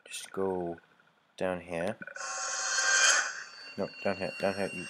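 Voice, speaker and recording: A man from Canada narrates his gameplay in a lowish voice, mocking the game with dry sarcasm. He swears freely and breaks into frustrated yelling. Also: little pitch movement, slow pace, very noisy. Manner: sarcastic, profane, shouts when frustrated. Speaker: let's play host. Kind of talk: gameplay commentary.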